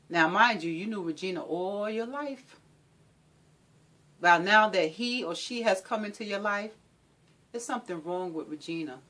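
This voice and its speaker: A woman's voice: medium pitch, moderate pace, pauses often, fairly bright tone. A woman speaking as a domestic violence advocate, giving an impassioned talk with an emphatic, repetitive, preaching rhythm.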